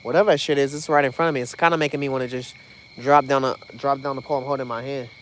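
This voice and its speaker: A man chatting excitedly to a live-stream chat while fishing, swearing freely and out of breath. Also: mid-range voice, very fast, slight background noise. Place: outdoors on a dock at night.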